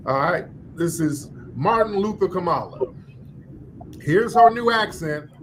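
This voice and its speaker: A man's voice: high-pitched, lively intonation, a little slow, noisy background. A man hosting an online news commentary show, speaking sarcastically and sometimes mimicking a preaching voice. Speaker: show host.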